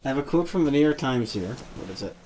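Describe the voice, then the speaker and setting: A man interviewing a guest, asking brisk, curious questions. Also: medium pitch, expressive, warm tone, a little hiss or hum.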